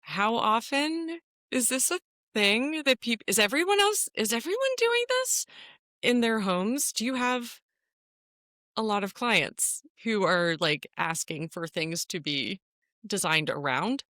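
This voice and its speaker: Bright, animated woman podcast host. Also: a little high, measured pace, no room sound, clean studio sound. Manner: animated, laughs often, playful. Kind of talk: casual chat.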